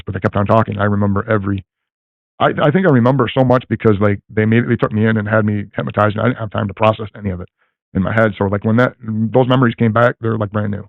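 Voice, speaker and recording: A man's voice: on the low side, steady tone, racing, vocal fry, no echo. An older man rambling through a long personal story, full of fillers and restarts, over a tinny line. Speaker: guest telling a personal story. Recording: tinny phone-like line, dry.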